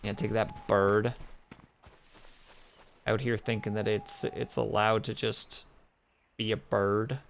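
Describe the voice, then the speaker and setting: A man's voice: fairly low pitch, level tone, takes it slowly, gravelly, long pauses, slight background noise. A man streaming a game, chatting casually and joking with his chat. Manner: joking, playful asides to chat.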